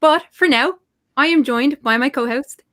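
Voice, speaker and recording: Bubbly woman hosting a live chat show, fairly high voice, quick to laugh. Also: a bit bright. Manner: bubbly, chatty, laughs often. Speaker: host. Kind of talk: casual livestream chat.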